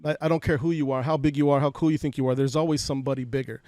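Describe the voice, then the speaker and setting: A man's voice: mid-range voice, steady tone, very fast, a little mellow, no room sound. A man in his forties from Fresno, California, a podcast guest candidly telling emotional stories from his life and often repeating words as he talks. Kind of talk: personal storytelling interview. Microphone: podcast studio mic.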